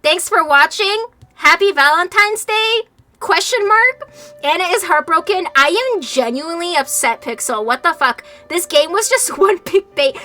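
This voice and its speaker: A woman streamer chatting live over a game, animated and exasperated, swearing freely, at a desk mic with faint music behind. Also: very high-pitched, a little slow. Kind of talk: casual livestream chat over a game.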